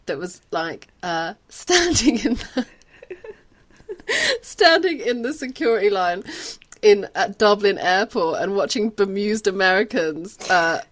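A woman's voice: medium pitch, animated, measured pace, fairly bright tone. A woman co-hosting a casual cookbook podcast. She chats loosely, laughs easily and trails off into ums and uhs as she explains things. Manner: chatty, laughs often, trails off with fillers. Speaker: podcast co-host. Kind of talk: casual chat.

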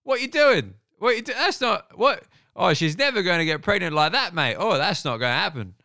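A man's voice: sits high, animated, fairly quick, pushed and bright, no echo, clean studio sound, voice pushed up, full character voice. A man putting on a brash British audience member who jeers in disbelief, speaking in a British accent. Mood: jeering. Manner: brash, jeering, incredulous. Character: loud mocking British punter in a crowd.

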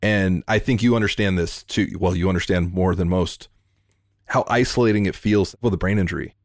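Earnest, heartfelt man with a low voice. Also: no room sound, clean studio sound. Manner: earnest and heartfelt, talks in quick bursts. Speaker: podcast host. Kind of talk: emotional interview conversation.

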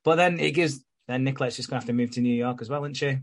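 A man's voice: mid-range voice, rapid-fire. A man chatting on a podcast as he recaps a soap. He swears freely and drops into the characters' lines as he tells the story. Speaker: podcast co-host. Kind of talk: casual chat recapping a soap.

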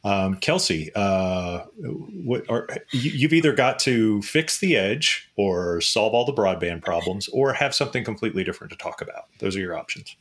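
A man's voice: fairly low pitch, expressive, moderate pace, few pauses, a bit bright, slightly rough. A man co-hosting a casual industry chat with dry, joking remarks and frequent restarts. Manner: dry, joking, self-interrupting. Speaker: podcast co-host.

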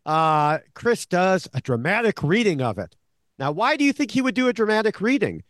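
This male podcast co-host, a veteran analyst of the show, talks through episode recaps casually, with plenty of fillers and false starts. He speaks in a high, sing-song voice at normal speed, a bit bright, and the studio recording is clean with no room sound.

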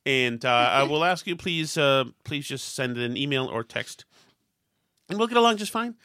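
A man's voice: mid-range voice, normal speed, no room sound, clean studio sound. Self-deprecating man telling a story. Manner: self-deprecating, animated storytelling with acted quotes. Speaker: podcast host. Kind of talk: casual storytelling chat.

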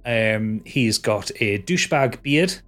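A man's voice: medium pitch, expressive, takes it slowly, a bit bright. Hesitant male game master narrating. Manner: hesitant, full of fillers and restarts.

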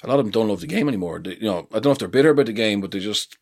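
Irish guest, forties, low voice, chatty and self-deprecating, easy podcast talk. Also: male voice, expressive, racing, darkish tone. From Ireland. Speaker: podcast guest, rugby pundit. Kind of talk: casual podcast chat.

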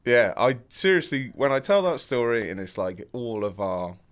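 A man's voice: mid-range voice, very animated, moderate pace. A young man from England, a podcast guest, telling a story in a laid-back way with lots of fillers and frequent laughter. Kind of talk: casual storytelling.

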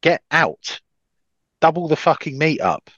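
Male co-host, lively swearing banter, swooping delivery, dry lo-fi sound. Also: unhurried, no room sound. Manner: animated, sweary, pitching ideas. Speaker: podcast co-host. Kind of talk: casual banter.

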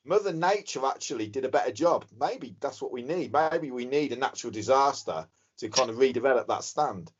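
A man's voice: mid-range voice, brisk, hardly any pauses, slight background noise. A man, co-hosting a casual football podcast, telling stories and joking. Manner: animated storyteller, joking. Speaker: podcast co-host. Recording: dull lo-fi recording.

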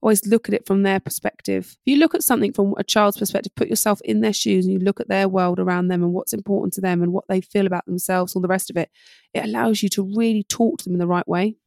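A middle-aged woman coaching parents at a brisk clip, her voice carrying a gravelly fry. She acts out quick bits of parent-child talk as she explains, and the sound is close and dry. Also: mid-range voice, no echo. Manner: fast, animated advice with acted-out parent-child dialogue. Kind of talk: podcast interview.

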